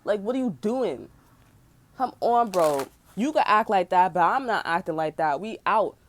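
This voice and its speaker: A young woman in her twenties venting in a loose, unscripted rant. Her voice sits at an ordinary middle pitch, and she talks heatedly and profanely, with "bro" tossed into almost every sentence. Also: expressive, moderate pace, slight background noise. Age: 20s. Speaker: tarot channel host.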